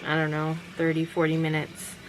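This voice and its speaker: A tired woman who vlogs and runs a small sewing business rambles casually in her home workroom late at night, full of fillers and restarts. Her low voice is monotone at a normal speed, and the poor audio has a slight hiss or hum.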